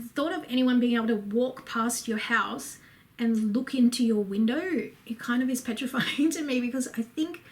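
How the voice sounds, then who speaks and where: A woman with an Australian accent talks to camera in a relaxed home vlog. Her voice sits a little higher than most. She is chatty and candid, drifting between asides and fillers as she answers viewer questions. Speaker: home and lifestyle vlogger. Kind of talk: casual Q&A chat to camera.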